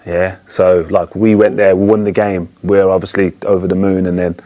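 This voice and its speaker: A man chatting casually as a studio football pundit, relaxed and anecdotal with frequent fillers. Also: sits low, normal speed.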